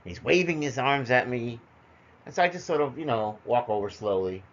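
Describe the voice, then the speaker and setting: A middle-aged man tells personal stories in a loose monologue full of fillers, his mid-range voice animated and brisk. The recording sounds dull and lo-fi.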